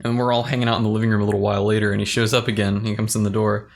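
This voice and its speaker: Gravelly young man telling a story. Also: lowish voice, little pitch movement. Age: young adult. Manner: halting storytelling, repeats words. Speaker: podcast co-host. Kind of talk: casual chat.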